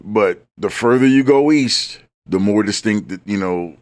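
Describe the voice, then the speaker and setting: A man from the US West Coast, co-hosting a podcast in casual chat, animated and given to quoting people in put-on voices. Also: fairly low pitch, a little slow, dry recording. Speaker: podcast co-host.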